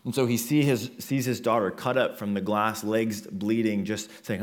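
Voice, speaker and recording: Male pastor, lowish voice, earnest sermon delivery that builds through repetition. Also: fairly even intonation, moderate pace. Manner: earnest, building in intensity with repeated phrases.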